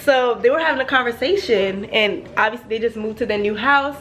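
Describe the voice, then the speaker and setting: A woman's voice: fairly high pitch, a little fast, a bit bright, a little hiss or hum. A woman, chatting casually to her vlog viewers and telling a story with easy laughter. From New York. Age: 20s. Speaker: vlogger. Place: car and home.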